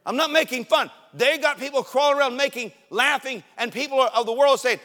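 A man preaching a sermon in a church, fervent and often shouting calls to the congregation. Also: very high-pitched, fairly quick, few pauses, long reverb tail.

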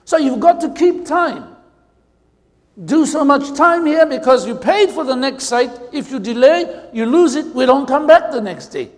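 A South African man preaching with a very high voice, his words ringing in a long hall reverb. He tells funny stories from the pulpit and stretches out key words for effect. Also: animated. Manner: humorous storytelling with drawn-out emphasis. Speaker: pastor. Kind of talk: preaching a sermon.

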